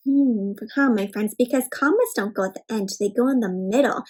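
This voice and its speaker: A woman reading a picture book aloud to children in an animated, teacherly way, asking them to point and say words along with her. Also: on the high side, brisk. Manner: animated, teacherly, prompting kids to join in. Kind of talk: interactive read-aloud for kids.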